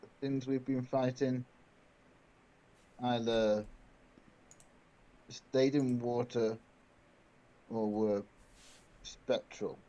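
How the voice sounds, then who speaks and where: Man player, slow measured delivery, dark tone, dull lo-fi sound. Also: mid-range voice, fairly even intonation. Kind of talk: playing a tabletop game.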